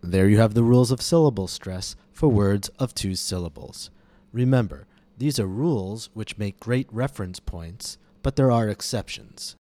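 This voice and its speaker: A man hosting a scripted pronunciation lesson, speaking in slow, deliberate, clearly enunciated drills. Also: lowish voice, warm tone, no echo, studio quality. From United States. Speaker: pronunciation teacher and podcast host.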